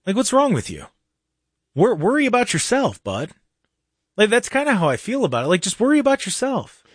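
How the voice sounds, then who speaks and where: Animated, lively male radio host. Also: sits high, a little fast, husky, dry recording, clean studio sound. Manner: animated, mocking, jokey asides. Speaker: radio talk show host. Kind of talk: casual political talk radio. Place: radio studio.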